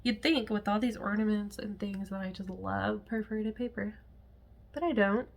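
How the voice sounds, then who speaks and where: A woman's voice: mid-range voice, fairly even intonation, normal speed, creaky. A woman chatting casually to camera at home as a cross-stitch vlogger, rambling with frequent laughs and asides.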